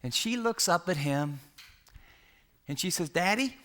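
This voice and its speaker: A male preacher with a bright, forceful voice, pitched a little high. He tells a sermon story vividly, setting the scene for his listeners. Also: expressive, measured pace. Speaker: pastor.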